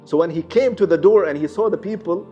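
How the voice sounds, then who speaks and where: A man's voice: high voice, brisk, warm tone. A man telling a religious true story in a casual, conversational way, with many restarts and Arabic phrases mixed in. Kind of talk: casual storytelling with acted quotes. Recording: slightly muffled, faint music behind.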